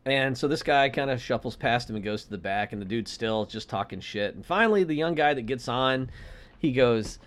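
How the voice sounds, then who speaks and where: Animated man telling a story. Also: medium pitch, a little fast. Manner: animated storyteller, acts out characters' lines. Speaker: podcast co-host. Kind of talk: casual storytelling chat.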